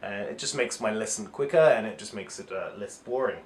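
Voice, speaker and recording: A man's voice: fairly low pitch, fairly quick. A male English teacher giving a casual phonics tutorial, explaining step by step with frequent "so" and "uh" fillers. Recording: echoey room.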